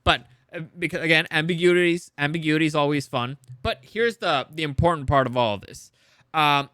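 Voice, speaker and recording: High, bright-voiced man recapping casually. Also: fairly quick, smooth, dry recording, studio quality. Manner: rambling, animated, acts out characters with laughs and swearing. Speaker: show reviewer.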